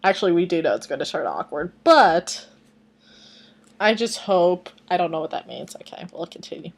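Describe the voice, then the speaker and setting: Sitting at her computer, a woman reads fan fiction aloud into a webcam microphone, drifting into rambling, self-deprecating asides and occasional mumbling. Her voice is fairly low and breathy-edged, with lively intonation at a normal speed.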